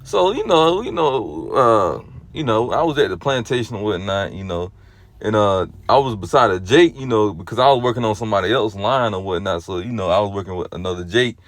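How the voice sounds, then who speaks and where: A man giving a casual spoken religious exhortation. He rambles and leans on fillers like "you know" and "or whatnot", moving between low, subdued stretches and loud, animated bursts. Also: fairly quick. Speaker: lay religious teacher.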